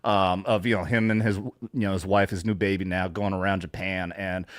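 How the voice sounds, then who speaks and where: A middle-aged man, a veteran co-hosting a podcast, talking in casual chat that is blunt and profane and that swings up in pitch when he gets worked up. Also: a little fast, dry recording, clean studio sound. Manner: blunt, profane, animated storytelling with laughs.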